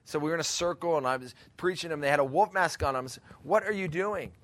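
A man's voice: on the high side, racing, fairly bright tone. A male pastor giving an earnest, rambling teaching talk on missions, often laughing and exclaiming.

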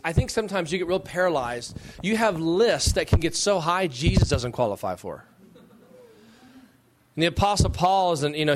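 A middle-aged man, a pastor, answering questions from young women, with emphatic rising phrases and slow, deliberate stresses. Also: a little high.

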